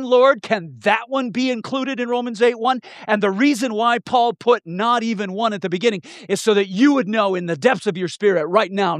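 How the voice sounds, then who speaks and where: A man with a somewhat high voice delivers a sermon, hammering phrases through repetition and dropping from loud emphasis to quiet intensity. The sound is close and dry, with no room echo. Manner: emphatic, repeating key phrases, swinging from loud to hushed. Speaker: preacher.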